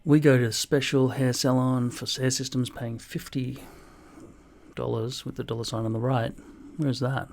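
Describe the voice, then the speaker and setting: Gravelly, flat-voiced deadpan man. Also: mid-range voice, normal speed, a little hiss or hum. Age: 40s. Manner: dry, deadpan, heavy swearing. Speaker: hairpiece vlogger reading viewer comments. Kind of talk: casual comment-reply vlog.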